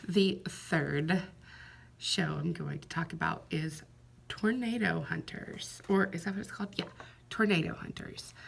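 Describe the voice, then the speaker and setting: A young adult woman vlogger chatting casually to her viewers in a soft, half-whispered, relaxed way. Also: low-pitched, gravelly, husky. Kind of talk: casual chat.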